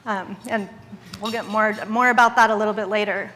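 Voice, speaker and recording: A woman's voice: medium pitch, fairly even intonation, fairly quick, pushed and bright, slight background noise. A woman in her forties from Idaho gives an earnest, candid speech at a charity gala, mixing wry humor into a personal story. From Idaho, USA. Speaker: guest speaker at a charity gala. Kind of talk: public speech. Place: large event hall. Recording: long hall reverb.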